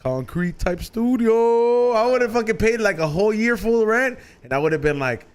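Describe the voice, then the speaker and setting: Male podcast co-host, slightly high voice, loose profane banter, quick to laugh. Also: clear, resonant tone. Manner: profane, excitable, laughs often, acts out quoted voices. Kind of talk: casual chat.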